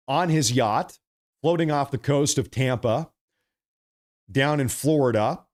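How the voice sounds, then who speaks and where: A man hosting a live stream, reading viewer super chats aloud and teasing viewers in a joking, repetitive way. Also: medium pitch. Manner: joking, teasing, repeats his thank-yous. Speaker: livestream host.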